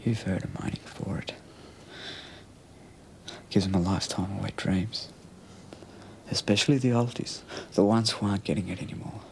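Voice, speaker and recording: A leering Australian crook, his gravelly, fairly low voice sinking into a rasping whisper. He speaks crudely and with menace. A faint noise floor sits under the voice. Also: steady tone, normal speed, pauses often, a little mellow. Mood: menacing. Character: leering, menacing adult male criminal. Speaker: criminal. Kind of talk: TV police drama acting.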